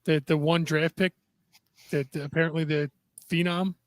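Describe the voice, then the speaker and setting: A man's voice: fairly high pitch, level tone, normal speed, dry recording. A man co-hosting a casual sports podcast, skeptical and full of pointed questions. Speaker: podcast co-host.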